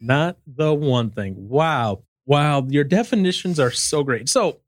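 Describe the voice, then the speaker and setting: A man's voice: a little high, animated, takes it slowly, no echo. Man hosting a dry-sounding podcast. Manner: rambling, jokey. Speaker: podcast host. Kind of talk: casual chat.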